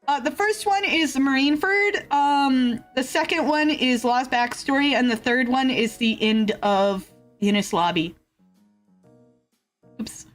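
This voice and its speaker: A woman streamer chatting casually with viewers, rambling with fillers and laughs and swinging between excited yelps and low grumbles. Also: unhurried. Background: faint background music.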